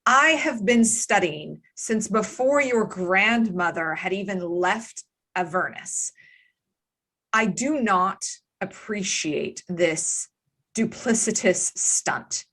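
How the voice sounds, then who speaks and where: A pompous, learned scholar who is sure of his own importance, as a woman game master puts him on. He talks formally and looks down on everyone, in a somewhat low voice. This is from a tabletop game. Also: unhurried, fairly bright tone. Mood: indignant. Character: haughty learned male scholar, impatient.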